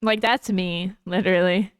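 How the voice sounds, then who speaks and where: A woman's voice: lowish voice, steady tone, normal speed, clean tone, no room sound, studio quality. A woman livestreamer chatting casually to her viewers in a rambling, self-mocking way, laughing often between remarks. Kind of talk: casual stream chat.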